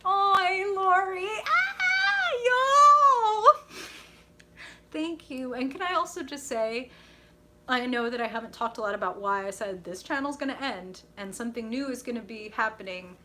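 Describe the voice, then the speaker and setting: A woman's voice: on the high side, fairly quick, slight background noise. A young woman hosting a live tarot reading stream, gushing and enthusiastic as she reacts to viewers. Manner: bubbly, gushing, reacts to chat with excited squeals.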